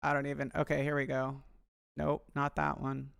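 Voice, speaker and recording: Young man, live streamer, smooth yet gravelly voice, dry close mic, rambling self-deprecating chat. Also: mid-range voice, completely flat delivery, moderate pace, a bit bright, no room sound. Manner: chatty, self-deprecating, addresses viewers.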